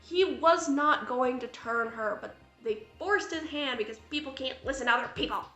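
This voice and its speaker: A woman gushes through a casual horror film review, chatty and full of fillers. Her voice is bright and a little high. The room echoes, and soft music plays underneath. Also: moderate pace. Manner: gushing, chatty, lots of fillers.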